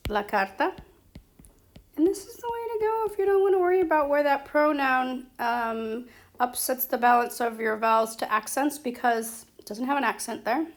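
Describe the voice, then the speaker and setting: A woman explaining a grammar lesson as a teacher, patient and checking in with her students as she goes. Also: a little high. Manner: slow, patient, checks in with "okay?" and "right?". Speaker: Spanish teacher.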